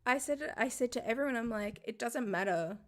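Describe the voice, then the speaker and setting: A woman's voice: fairly high pitch, lively intonation, brisk, fairly bright tone. A young woman, telling a story in a casual livestream, swearing freely and laughing often.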